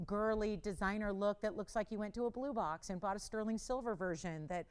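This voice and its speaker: A middle-aged woman hosting a live jewelry shopping show, giving a chatty, urgent sales pitch and bantering with her crew. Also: a little fast, a little mellow, clear, resonant tone.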